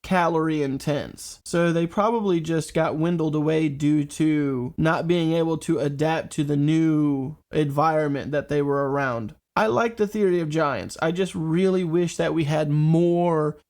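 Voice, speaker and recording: A man's voice: a little high, measured pace, few pauses, darkish tone. Congested man musing on reaction clips. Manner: easygoing, musing aloud with small laughs. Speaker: reaction video host. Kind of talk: casual reaction commentary.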